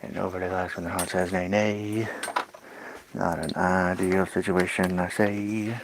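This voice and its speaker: A man's voice: sits low, little pitch movement, normal speed. A man livestreaming at home, massaging his dogs and talking to them in playful rhyming singsong, with coaxing commands to the pets. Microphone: phone microphone on a stream. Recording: clear background noise.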